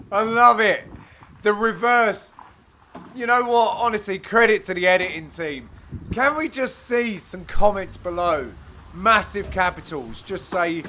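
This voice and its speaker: A man giving jokey voice-over commentary on his own amateur match, teasing his friends with sudden loud exclamations. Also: sits high, animated, normal speed, slight background noise. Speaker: player and commentator.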